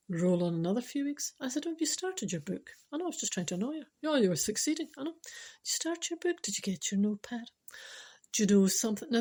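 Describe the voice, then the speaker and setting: Husky-voiced Scottish woman, wry storyteller. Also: mid-range voice, darkish tone. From Scotland. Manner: wry and sarcastic, with playful asides. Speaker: podcast host. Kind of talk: casual storytelling monologue.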